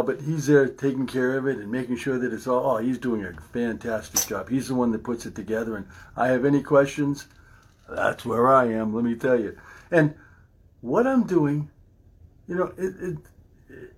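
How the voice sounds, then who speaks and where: A man's voice: medium pitch, moderate pace, husky. A middle-aged man hosting his podcast in a casual, rambling monologue, chatty and laughing often as he restarts his sentences. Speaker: podcast host.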